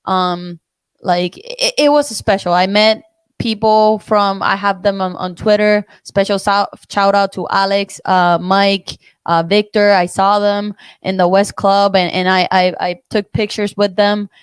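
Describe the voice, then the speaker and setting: Excited woman with a smooth, dry voice. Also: mid-range voice, unhurried, no echo. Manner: excited, chatty, leans on "like". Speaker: podcast co-host. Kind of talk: casual sports chat.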